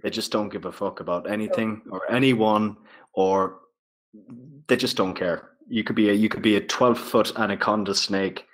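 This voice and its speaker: A man co-hosting a casual fan podcast, blunt and sweary with deadpan humor. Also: fairly low pitch, normal speed. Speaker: podcast co-host. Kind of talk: casual chat.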